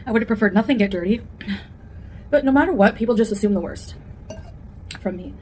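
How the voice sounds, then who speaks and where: A chatty woman eating on camera at home and rambling candidly between bites. Her voice sits at a middle pitch, with a faint room ambience murmuring behind her. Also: fairly quick, darkish tone, slight background noise. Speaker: food vlogger. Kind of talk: casual mukbang chat.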